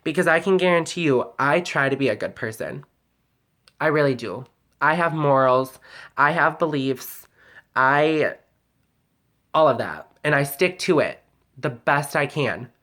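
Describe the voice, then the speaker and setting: A woman's voice: low-pitched, expressive, a little slow, pauses often, fairly bright tone. A woman talking straight to camera in a personal vlog, heated and venting, sometimes close to tears. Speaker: vlogger.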